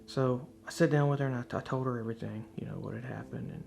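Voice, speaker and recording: A man's voice: mid-range voice, fast talker, gravelly, music in the background. A man earnestly and candidly telling a personal faith testimony, reflecting on what happened to him. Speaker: speaker sharing a faith testimony.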